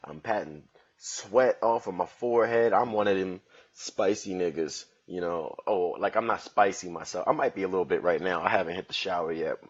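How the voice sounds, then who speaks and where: A man's voice: sits low, moderate pace, slightly rough, highs cut off. A man hosting his own comedy podcast at home, joking around in loose slangy street talk. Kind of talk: casual solo podcast monologue.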